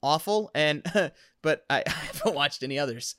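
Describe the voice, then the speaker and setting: A man co-hosting a casual podcast, ranting in an animated way and laughing at his own frustrations. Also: on the high side, normal speed, smooth, no room sound, clean studio sound. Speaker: podcast co-host.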